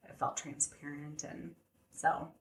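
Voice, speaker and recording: A woman's voice: low-pitched, little pitch movement, measured pace, a little hiss or hum. A young adult woman, a podcast guest, telling a personal story candidly in conversation, filling her speech with "like" and "you know.".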